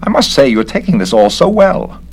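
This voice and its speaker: A man reading a story aloud, voicing a nervous, prim male government inspector in a raised, excitable voice. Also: medium pitch, brisk, husky, voice pushed up. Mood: fussy, alarmed.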